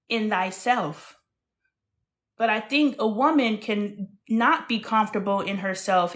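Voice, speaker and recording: Frank, animated woman in her thirties, host of a casual live-stream monologue, loud one moment and hushed the next. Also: mid-range voice.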